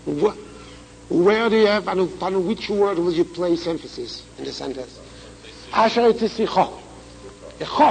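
Gravelly, high-voiced man teaching scripture. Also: slight background noise, poor audio. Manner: chants Hebrew quickly, then explains slowly with repetitions. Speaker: Torah teacher. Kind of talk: Talmudic lecture with text reading.

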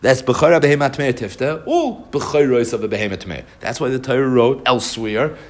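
A man giving a Talmud study lecture, explaining texts in an animated, sing-song way and repeating phrases for emphasis. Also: mid-range voice, a little fast. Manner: animated, rising sing-song when quoting and explaining text. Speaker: Talmud teacher.

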